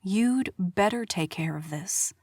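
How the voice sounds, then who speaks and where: A woman's voice: medium pitch, lively intonation, takes it slowly, darkish tone, no room sound. A woman voicing a fiery young dance studio owner who speaks indignantly and accusingly, in an audiobook reading.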